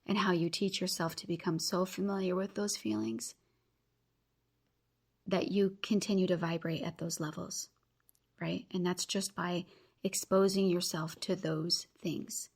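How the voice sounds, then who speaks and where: This podcast host in her thirties speaks in an unhurried, low-leaning voice with a breathy edge. In her motivational talk, she sincerely challenges her listeners and encourages them directly.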